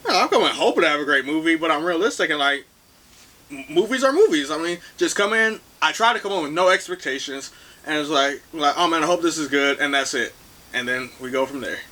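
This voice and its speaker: A man's voice: a little high, a little fast, pushed and bright. A young man co-hosting a casual movie review podcast, blunt and dry, with plenty of "like" fillers. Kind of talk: casual chat.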